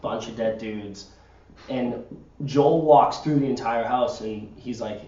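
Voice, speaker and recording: A man's voice: medium pitch, unhurried, warm tone. A man hosting a casual podcast, rambling on as he explains things. He sits far from the mic in an echoey room, and the recording sounds dull and lo-fi. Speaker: podcast host. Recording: roomy, distant, dull lo-fi sound.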